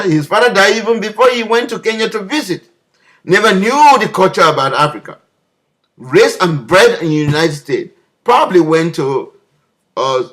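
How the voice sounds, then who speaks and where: A man's voice: high-pitched, a bit bright. A man delivering an impassioned political video message, leaning on repeated rhetorical questions. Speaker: political commentator.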